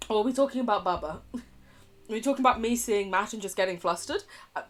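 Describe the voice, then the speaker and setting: A woman's voice: medium pitch, fast, fairly bright tone. A woman streamer, reading a dating game aloud, giggling often, swearing and trying out voices for the characters.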